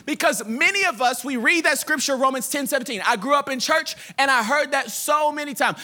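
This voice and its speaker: A young adult man preaching a sermon as pastor, telling stories in an animated way with playful quoted voices. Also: extremely high pitch, fairly quick, hardly any pauses.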